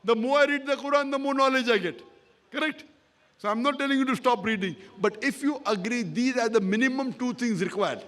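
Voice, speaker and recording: Very high-voiced emphatic male lecturer. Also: brisk, fairly bright tone. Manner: emphatic, repeats points, checks agreement with "correct?". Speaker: Islamic lecturer answering an audience member. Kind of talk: public question-and-answer talk.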